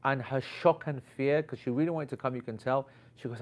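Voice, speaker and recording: A man telling a rambling story in casual chat, lively and full of slang as he teaches and recalls his classes. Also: mid-range voice, brisk. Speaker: Islamic teacher. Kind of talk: casual anecdote.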